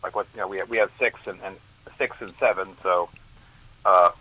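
A man chatting on a radio show as a regular guest, rambling and restarting his sentences in quick bursts. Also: low-pitched, fairly even intonation, pushed and bright, husky, poor audio. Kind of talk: casual on-air banter. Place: radio studio.

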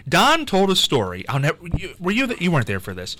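Bright, lively male radio host. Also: a little high, fast talker, a little hiss or hum. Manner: lively, laughing interviewer. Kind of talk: casual radio chat.

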